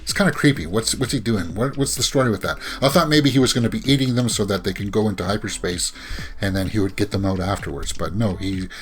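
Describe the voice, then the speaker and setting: A lower-pitched man talks through entertainment news in a loose, rambling way, full of filler words and false starts. He drops sighing, exasperated asides now and then. Soft music plays faintly behind him. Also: quick pace. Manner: rambling, frequent fillers and restarts. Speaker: movie news vlogger. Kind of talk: casual commentary.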